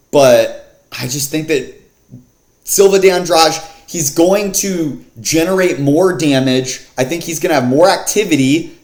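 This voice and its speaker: A man's voice: on the high side, darkish tone. A man casually breaking down an MMA fight card in slangy, filler-heavy talk. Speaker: MMA fight picks vlogger. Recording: echoey room.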